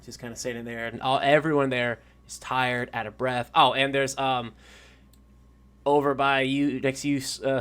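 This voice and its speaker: A man's voice: medium pitch, a bit bright, clean tone. A man narrating a tabletop game as game master, casual and rambling, with fillers and the odd swear.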